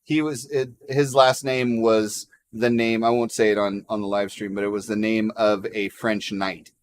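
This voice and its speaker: A man's voice: lowish voice, flat delivery, moderate pace, a little hiss or hum. Laughing, joking man hosting a livestream. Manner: jokey, laughs often, reads out viewer comments. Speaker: livestream host. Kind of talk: casual livestream chat.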